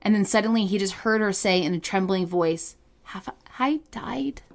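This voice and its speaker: A woman co-hosting a podcast, telling a story in casual chat, giggly and animated with lots of fillers. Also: mid-range voice, fairly quick. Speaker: podcast co-host.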